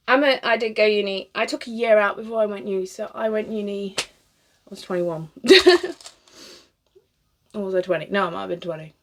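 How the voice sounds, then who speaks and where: At a moderate pace broken by long pauses, a British woman in her thirties speaks in a mid-range voice. She's a cosplayer chatting casually as she styles a wig, wandering off topic, swearing freely and laughing often.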